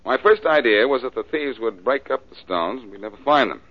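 An actor in an old radio drama playing a cocky, wisecracking reformed-thief detective. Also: male voice, medium pitch, animated, fairly quick, natural voice. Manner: dry wisecracks, easygoing. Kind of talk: 1940s radio acting. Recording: dull old radio broadcast.

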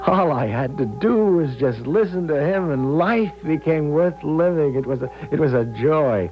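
A man's voice: a little high, expressive, normal speed, highs cut off, over music, lightly acted. An actor playing a timid, nervous young man who stammers and hesitates, in old-time radio acting. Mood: wistful.

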